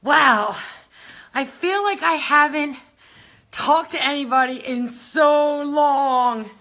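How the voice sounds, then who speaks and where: A woman's voice: sits high, slow, sharp tone. A woman hosting a casual live stream, a little out of breath, chatting and laughing as she greets viewers by name. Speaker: beauty brand founder hosting a live stream.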